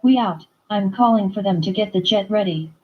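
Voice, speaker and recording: A woman's voice: medium pitch, brisk, slightly rough, highs cut off, lightly acted. A woman reading as a curt commanding man. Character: brusque determined man, protective leader.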